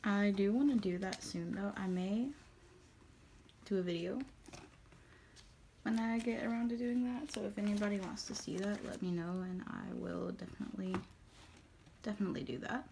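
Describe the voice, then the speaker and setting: A woman's voice: mid-range voice, fairly even intonation, normal speed, creaky, pauses often, mellow, a little hiss or hum. A young woman, chatting in a casual, rambling way as she organizes her photocards. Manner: rambling, emotional, giggly. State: tearing up. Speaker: vlogger.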